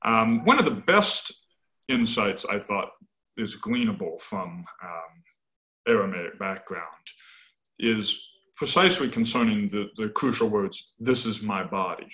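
A man explaining as a scholarly guest in conversation, animated, often checking in with "right?" and correcting himself as he goes. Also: on the low side, measured pace, poor audio. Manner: animated, tags points with "right?".

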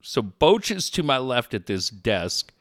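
A man's voice: medium pitch, big pitch swings, unhurried, a bit bright, no echo, clean studio sound. A middle-aged man hosting a sports talk show, telling a profane story with lots of laughter. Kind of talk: casual storytelling chat.

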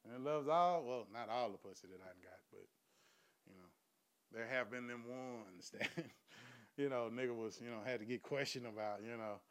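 A man's voice: medium pitch, moderate pace, a bit bright, clear, resonant tone. A man telling a crude, profane story in a loose conversational monologue, laughing often.

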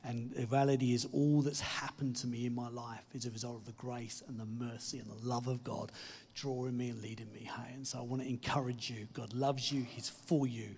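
A man preaching a sermon in an earnest, encouraging way, stressing key words and then dropping to a softer tone. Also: medium pitch, slight background noise. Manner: earnest, encouraging, emphatic with soft dips and laughs.

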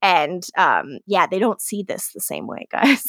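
A woman's voice: lowish voice, unhurried, no echo, clean studio sound. A woman co-hosting a podcast, recapping a TV episode in casual chat, laughing and swearing often. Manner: giggly, profane, animated retelling. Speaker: podcast co-host.

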